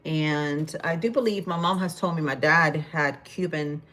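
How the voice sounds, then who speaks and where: A woman's voice: low-pitched, measured pace, a bit bright. A woman in her fifties from Spain, chatting casually on a livestream while she cooks in her home kitchen, rambling with many fillers. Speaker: livestream host.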